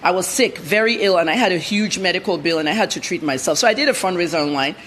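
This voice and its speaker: A woman's voice: lowish voice, fast talker, a bit bright, a little hiss or hum. A woman journalist, a guest in a TV news interview, telling her story bluntly and with animation.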